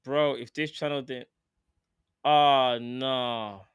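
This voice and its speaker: A man's voice: mid-range voice, steady tone, takes it slowly, a bit bright, clear, resonant tone, dry recording, clean studio sound. A man, co-hosting a live football chat show, full of slangy banter and laughter. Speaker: co-host.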